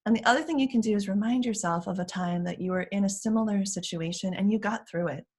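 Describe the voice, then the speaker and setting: A woman's voice: mid-range voice, fast, a little mellow, husky. A woman parent coach explaining strategies in an interview, chatty and laughing often.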